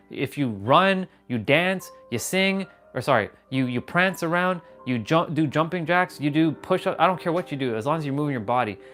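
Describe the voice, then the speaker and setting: A man hosting a fitness livestream, talking in a casual, animated, rambling way and swearing freely. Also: medium pitch. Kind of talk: casual motivational livestream talk.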